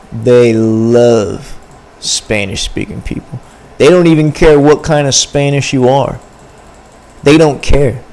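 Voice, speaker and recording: A man's voice: mid-range voice, a little mellow. A young man livestreaming, chatting casually and rambling in slang to his viewers. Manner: rambling, slangy, talks to chat. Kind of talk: casual stream chat.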